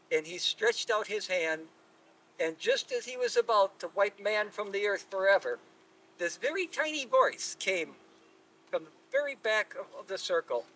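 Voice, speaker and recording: A man telling a folk tale aloud in an unhurried, relaxed way. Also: high voice. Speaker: storyteller. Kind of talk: live oral storytelling. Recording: distant mic at live telling.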